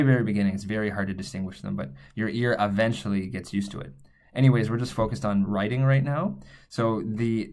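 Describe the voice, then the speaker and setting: A man's voice: fairly low pitch, darkish tone. A man teaching Korean letters, patiently explaining each step as he writes them out. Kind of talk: whiteboard writing lesson.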